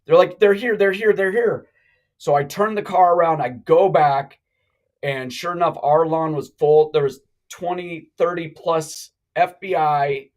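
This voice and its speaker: A middle-aged man telling a long story on a live talk show, animated and rambling, with many restarts. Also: fairly high pitch, rough recording. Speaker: guest.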